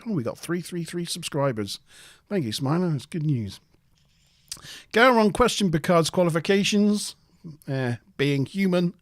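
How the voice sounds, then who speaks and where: A man's voice: on the high side, animated, unhurried, no room sound, studio quality. A man co-hosting a live review show, recapping an episode in casual chat with hesitant fillers. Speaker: podcast co-host.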